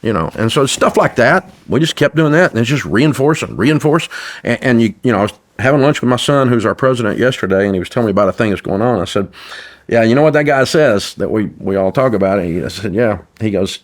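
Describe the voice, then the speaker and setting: A man's voice: lowish voice, lively intonation, fast talker. An older man, a business owner guesting on a podcast, talking bluntly and emphatically and repeating his points like a sermon. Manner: blunt, emphatic, preachy and repetitive. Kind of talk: podcast interview.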